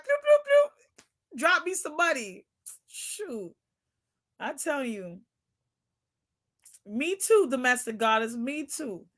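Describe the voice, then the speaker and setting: A woman's voice: on the high side, a bit bright. A woman hosting her channel, chatting casually with viewers in a brash, joking way and laughing often. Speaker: channel host.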